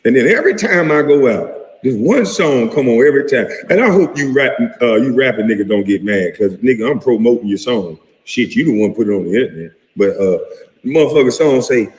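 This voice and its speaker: A man in his forties, a retired pro athlete, ranting to camera in a profane, heated, animated way. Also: mid-range voice, brisk. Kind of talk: casual rant to camera. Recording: echoey room with long reverb.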